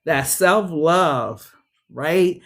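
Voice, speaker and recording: A woman's voice: low-pitched, expressive, drawn-out words. Blunt, profane woman reading tarot. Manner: blunt, profane, sassy slang. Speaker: tarot reader. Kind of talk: casual tarot reading livestream.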